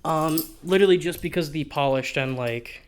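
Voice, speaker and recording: A man reviewing gear for a casual vlog, speaking in a slightly higher register. He rambles loosely through his thoughts and drops in swear words without a second thought. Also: moderate pace, slight background noise. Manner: rambling, offhand, sprinkled with swearing. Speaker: balisong reviewer.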